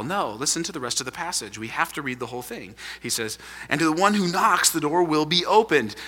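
A man preaching a sermon to a congregation in a large room, animated and emphatic. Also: fairly high pitch, fairly quick, breathy edge, big-room sound. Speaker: pastor.

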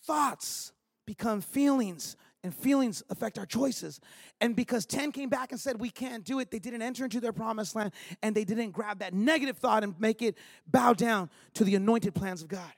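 A man in his thirties preaching a sermon as pastor, moving between loud rallying lines and quiet personal stories. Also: high voice, moderate pace, creaky, no room sound, clean studio sound.

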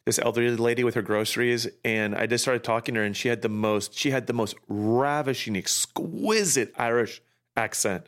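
A man's voice: medium pitch, normal speed, a bit bright. A man co-hosting a faith podcast, chatting casually and telling anecdotes in a self-deprecating way. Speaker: podcast co-host.

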